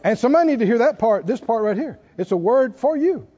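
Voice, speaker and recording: A man's voice: very high voice, lively intonation, quick pace, warm tone, breathy edge. A man preaching a sermon, chuckling often and building to emphatic calls to his listeners. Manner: preaching with laughs and rising exhortation. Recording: dull sound in a reverberant hall.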